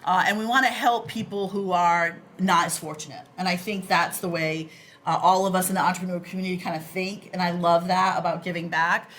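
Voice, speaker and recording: A woman's voice: on the low side, fairly even intonation, brisk, fairly bright tone, slight background noise. A woman with a Boston accent, a guest in a casual podcast interview, talking enthusiastically with many fillers and restarts.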